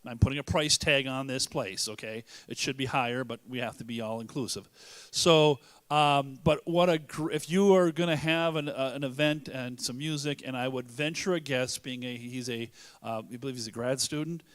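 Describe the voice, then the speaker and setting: A man's voice: mid-range voice, normal speed, few pauses, a bit bright. A man emceeing a charity auction, joking and rambling with many restarts. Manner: joking, rambling, self-interrupting. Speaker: event emcee. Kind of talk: casual emcee banter. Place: church hall fundraiser.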